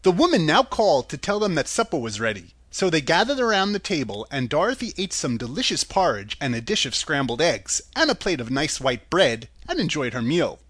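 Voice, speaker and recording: A man reads a storybook aloud in a calm, steady way. His voice sits a little high and moves expressively, and the recording is dry and close. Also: fairly quick, few pauses, husky, no echo. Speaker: narrator.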